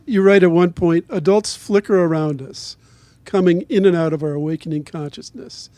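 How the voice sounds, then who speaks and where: Mellow higher-pitched male interviewer. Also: moderate pace, no echo. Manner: engaged, prompting questions. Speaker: interviewer at book event. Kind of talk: conversational interview.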